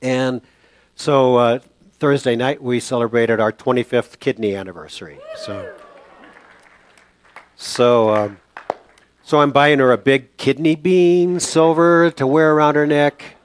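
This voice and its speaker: A man's voice: mid-range voice, some chatter behind, slight background noise. Reflective older man preaching. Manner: halting and reflective, many fillers and restarts. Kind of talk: sermon with personal storytelling and prayer.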